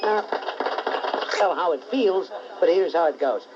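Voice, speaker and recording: A man's voice: sits high, lively intonation, unhurried, background noise. A middle-aged man hosting talk radio, dry and playing along. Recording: dull lo-fi talk radio recording.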